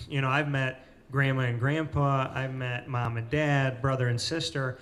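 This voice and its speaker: A man hosting a casual interview in a cafe, telling stories with lively retellings of what people said. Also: medium pitch, normal speed. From Central New York. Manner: animated storyteller, acts out quoted people. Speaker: host.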